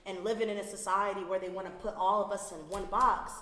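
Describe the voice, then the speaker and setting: A woman's voice: medium pitch, fairly even intonation, quick pace, fairly bright tone. Earnest young woman in an echoey room. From Atlanta, Georgia. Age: 20s. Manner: earnest, explaining wellness ideas at length. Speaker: podcast guest, wellness entrepreneur. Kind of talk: casual podcast chat. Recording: echoey room with long reverb.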